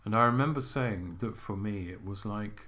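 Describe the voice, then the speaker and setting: An older man co-hosting a podcast, reminiscing in a relaxed, halting way with gentle humour. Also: lowish voice. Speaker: podcast co-host. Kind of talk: reflective casual chat.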